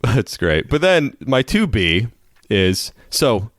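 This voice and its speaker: A man's voice: fairly low pitch, very animated, takes it slowly, a bit bright, no room sound, clean studio sound. A man co-hosting a podcast, telling rambling stories in casual chat and laughing through them. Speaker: podcast co-host.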